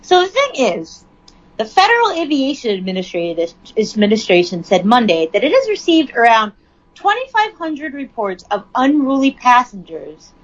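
A woman with a fairly high, very lively voice reads out news and breaks off into frank, profane commentary. The recording sounds dull and lo-fi. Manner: chatty, profane, reads news then riffs on it.

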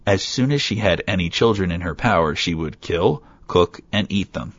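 A man's voice: low voice, animated, moderate pace, a bit bright, no room sound. A man steadily reading a fairy tale aloud as a storyteller. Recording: dull lo-fi recording.

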